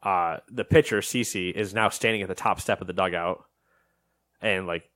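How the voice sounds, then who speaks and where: A man co-hosting a casual podcast chat, telling a story in an animated way and acting out what people said. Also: deep voice, normal speed, no echo, studio quality. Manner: animated storytelling, acts out quotes. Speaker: podcast co-host.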